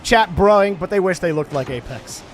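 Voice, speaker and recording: A man casting a live-streamed esports match, joking and chatting with viewers in an excitable way. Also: high voice, normal speed, a little hiss or hum. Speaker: game commentator and streamer.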